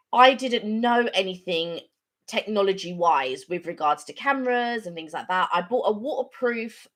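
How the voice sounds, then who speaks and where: A woman's voice: fairly low pitch, fairly bright tone. Chatty woman co-hosting a live stream. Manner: chatty, rambling, laughs easily. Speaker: channel co-host. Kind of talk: casual live-stream chat.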